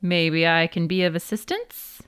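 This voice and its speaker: A woman voicing a huge, vain male whale with a booming, self-important manner in a storybook reading. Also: steady tone, measured pace, a bit bright, clean tone, no room sound, clean studio sound. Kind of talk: storybook read-aloud.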